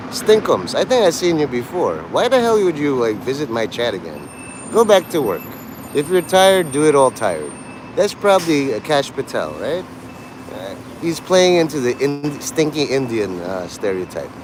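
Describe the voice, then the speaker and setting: A man's voice: mid-range voice, sing-song, normal speed, noisy background. A man from New York City livestreaming outdoors, rambling erratically and taunting his chat in an abrasive way. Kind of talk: rambling live-stream chat.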